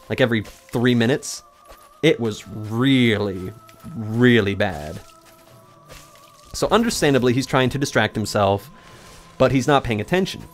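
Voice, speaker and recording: A young man tells a long, rambling story while he plays, breaking off to talk to the game. His pitch leaps and swoops freely, and a faint music track runs underneath. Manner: rambling, animated, talks to the game mid-story. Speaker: gaming YouTuber. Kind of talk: let's play commentary with storytelling.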